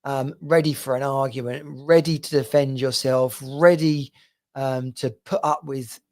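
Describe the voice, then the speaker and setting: A man's voice: mid-range voice, fairly even intonation, measured pace, darkish tone. A man speaking in a middle-range voice, coaching his listeners through a motivational podcast monologue. His delivery is earnest and direct, and he speaks straight to them as a men's coach would.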